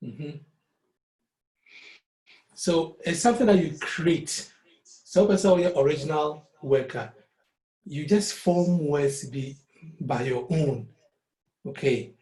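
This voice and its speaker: A man's voice: a little high, darkish tone, poor audio. A man teaching a music lesson over a call, explaining step by step and slipping Twi phrases into his English. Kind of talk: online lesson.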